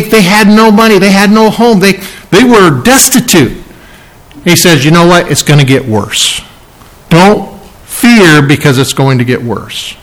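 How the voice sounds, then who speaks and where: A man preaching a sermon, emphatic and repeating key phrases, sometimes dropping to a soft hush. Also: fairly high pitch, rough recording. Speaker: pastor.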